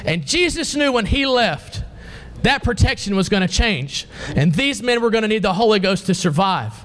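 A man's voice: high voice, animated, moderate pace, a bit bright. A man preaching a sermon to a congregation, reading scripture and asking the listeners pointed questions.

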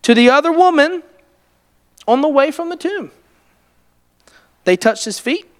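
High-voiced earnest male preacher. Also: lively intonation, measured pace. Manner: earnest, builds to emphatic rising delivery. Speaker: preacher leading a Bible study. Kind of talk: conversational sermon with congregation questions.

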